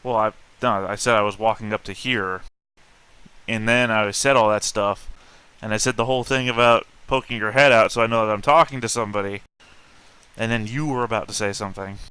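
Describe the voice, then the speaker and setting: A man's voice: on the low side, steady tone, a little fast, pushed and bright, clean tone. A man playing a character in a tabletop game, talking in a formal and persuasive way. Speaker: player.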